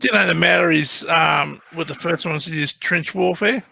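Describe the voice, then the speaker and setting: Give me a gravelly, bright-voiced man chatting. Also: fairly high pitch, no echo. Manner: halting, with repeated starts. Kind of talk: casual chat.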